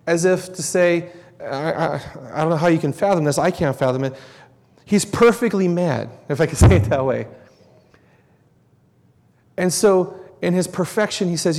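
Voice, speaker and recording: A man's voice: a little high, moderate pace, gravelly, pauses often, darkish tone. A man preaching a sermon, earnest and emphatic, repeating words to drive his points home. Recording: long reverb in a large hall.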